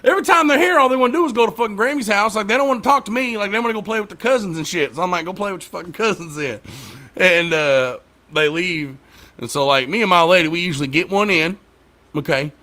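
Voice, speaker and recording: Bright-voiced man telling loose stories. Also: high voice, lively intonation, fast talker. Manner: loose, profane storytelling. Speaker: podcast host. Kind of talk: casual chat.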